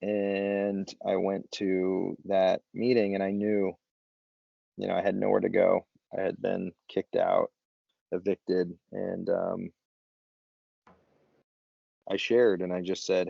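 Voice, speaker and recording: A man's voice: low-pitched, monotone, slow, creaky, long pauses, dry recording. A man speaking as a podcast guest, telling a personal story in a candid, rambling way, full of fillers and restarts. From Los Angeles area. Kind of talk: storytelling in casual conversation. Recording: dry, dull lo-fi sound.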